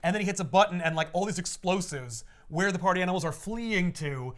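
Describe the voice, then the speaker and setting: A man chatting casually on a podcast, retelling a comic book plot with lively acted-out voices. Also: high voice, a little fast. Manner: animated storytelling, acts out characters with shouts and laughs. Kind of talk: casual chat.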